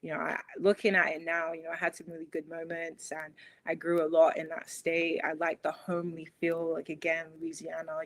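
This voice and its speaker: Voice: medium pitch, gravelly, low-quality recording. A young adult from London with a British accent blended with some American, chatting casually as a podcast guest with lots of fillers. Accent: British, mixed with some American. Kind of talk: casual interview chat.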